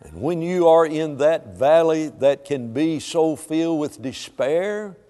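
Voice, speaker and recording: A man preaching a sermon to a congregation, swinging between hushed lines and loud, drawn-out emphasis. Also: on the high side, animated. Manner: dramatic swings from soft to loud, slow emphatic phrasing. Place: church sanctuary. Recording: long hall reverb.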